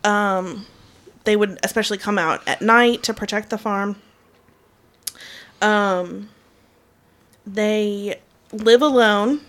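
A woman's voice: mid-range voice, slow, long pauses, a bit bright. A woman co-hosting a casual podcast, explaining folklore with frequent ums and likes. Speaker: podcast co-host. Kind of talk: casual chat.

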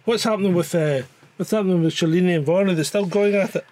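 A man in casual podcast chat, chiming in with quick sarcastic quips and the odd swear. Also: sits high, darkish tone, a little hiss or hum.

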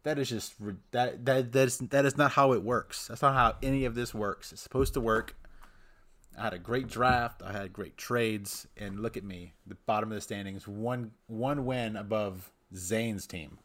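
A man in casual podcast banter, venting his frustration in a somewhat low voice. He laughs at himself between complaints. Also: normal speed, a bit bright. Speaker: podcast co-host.

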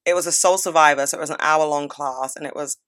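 Woman in her twenties, bright forceful voice, slightly lowered by a cold, chatty, swears a lot. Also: steady tone, quick pace. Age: 20s. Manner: chatty, swears freely, gushing. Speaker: podcast host. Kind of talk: casual advice and life-update chat.

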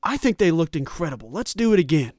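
A man's voice: fairly high pitch, big pitch swings, quick pace, a little mellow, dry recording, studio quality. A man doing a drawling Southern football coach. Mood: breezy, dismissive. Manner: folksy, dismissive drawl. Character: breezy, stubborn middle-aged male football coach.

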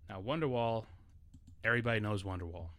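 A man's voice: fairly low pitch, fairly quick, fairly bright tone, dry recording. A man from New York hosting a solo podcast episode, talking casually and a little nervously, with restarts. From New York City. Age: adult. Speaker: podcast host.

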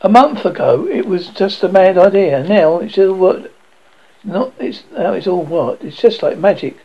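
A man with a gravelly voice voicing a small, nervous male alchemist who talks in a fumbling, apologetic way. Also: high-pitched, very animated, voice pushed up, heavily acted. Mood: nervous, eager. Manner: fumbling, apologetic, halting delivery. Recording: dull lo-fi audio.

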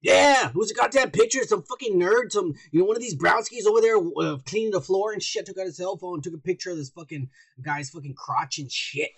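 Gravelly, loud, crude-talking man. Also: sits high, a little fast, few pauses. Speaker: podcast host. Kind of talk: profane casual banter.

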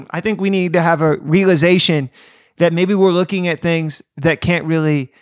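Podcast co-host, male, bright high voice, earnest teaching tone, dry studio sound. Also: no room sound. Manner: earnest, preacherly, reads scripture slowly. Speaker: podcast co-host and youth leader. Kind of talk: casual faith podcast chat with scripture reading.

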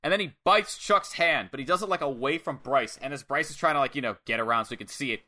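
Bright-voiced man recapping casually. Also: mid-range voice. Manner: loose, swearing play-by-play storytelling with quick put-on voices. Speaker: podcast co-host recapping a wrestling match. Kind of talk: casual chat.

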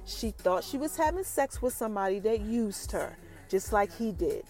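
Woman recapping a show on her podcast, lively and talking right to listeners, soft music under it. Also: medium pitch, moderate pace. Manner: animated, addresses listeners directly as y'all. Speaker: podcast host recapping a TV episode. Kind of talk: casual chat. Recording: light background music.

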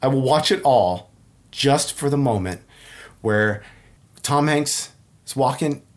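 A man's voice: medium pitch, takes it slowly. A man in casual conversation, telling his story with plenty of energy. He laughs often and slips into little impressions as he goes. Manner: animated storyteller who laughs often and acts out movie lines. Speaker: podcast guest. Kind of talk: casual chat.

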